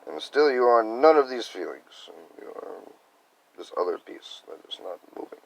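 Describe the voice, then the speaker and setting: A young man talking in a rambling personal video diary about spiritual reflections, sounding congested and tired, soft-spoken and hesitant. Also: lowish voice, very animated, moderate pace, vocal fry, rough recording. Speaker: vlogger sharing spiritual reflections.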